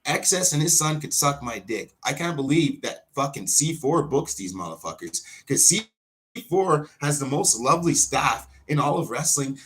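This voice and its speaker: A wrestler hosting his own show, ranting in an unscripted way, full of swearing, with sudden loud outbursts that drop back to muttering. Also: fairly high pitch, animated, moderate pace. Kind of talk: unscripted profane rant.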